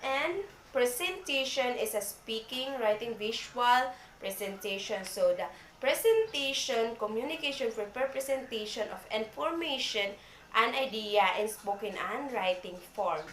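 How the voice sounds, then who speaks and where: A woman with a Filipino accent giving a classroom report, slow and halting, often repeating words. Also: a little high, animated, fairly bright tone. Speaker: student presenter. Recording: echoey room, faint background noise.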